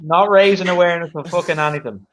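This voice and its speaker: A man's voice: a little high, fast, crowd noise. A man, a comedian, chatting in a laid-back, self-mocking way over a video call. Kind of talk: casual comedy banter.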